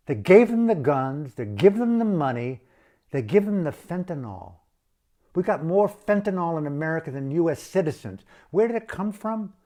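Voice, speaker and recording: Male activist, slightly high voice, furious profane rant to camera. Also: mellow. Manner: blunt, profane, outraged. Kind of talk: impassioned political rant.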